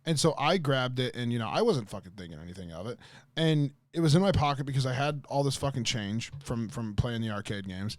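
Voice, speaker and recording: A man's voice: mid-range voice, lively intonation, brisk, no room sound. A man livestreaming, telling a rambling story to his chat with lots of swearing, fillers and restarts.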